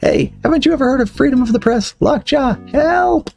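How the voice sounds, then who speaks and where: A man voicing a spunky young girl heroine in a game, with quick excited lines. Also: fairly high pitch, creaky, faint music behind, voice pushed up. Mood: plucky.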